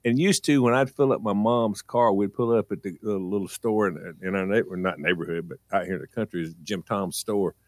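A man's voice: brisk, few pauses, dry recording, studio quality. A man telling a funny childhood story on a radio show, acting out his mother's lines. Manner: animated, acts out his mom in a high voice. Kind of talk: casual storytelling on morning radio.

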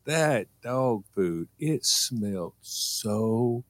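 A man's voice: very slow, no room sound. Guy on the radio telling a story, voice bouncing all over, dry close mic. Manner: animated, acts out his mom in a high voice. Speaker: radio show regular. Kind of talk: casual storytelling on morning radio.

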